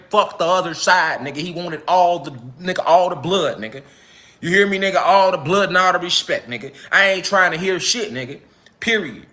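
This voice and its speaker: A man speaking delivers a fervent, repetitive monologue full of profanity. His voice sits high and bright, sharp at the edges. He circles back on his phrases as he presses his point. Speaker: social media commentator.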